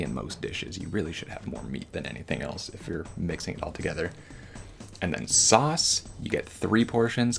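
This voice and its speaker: A man's voice: low-pitched, vocal fry. A man giving casual, rambling gameplay commentary as a voice-over, slangy and joking.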